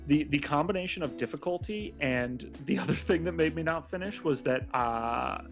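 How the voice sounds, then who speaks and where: A man co-hosting a podcast in a casual chat, agreeable and quick to chime in, laughing often. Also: on the high side, expressive, faint music behind.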